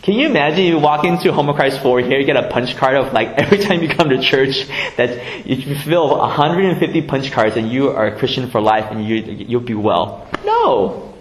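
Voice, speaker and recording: Casual pastor preaching in echoey church. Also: male voice, medium pitch, fairly quick, hardly any pauses. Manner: casual, conversational preaching with frequent "right?" and "like"; swings between hushed emphasis and lively bursts. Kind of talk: sermon. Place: church sanctuary.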